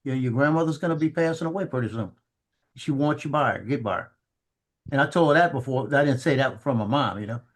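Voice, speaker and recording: A middle-aged man telling family stories in casual chat, halting and repeating words as he acts out what people said. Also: medium pitch.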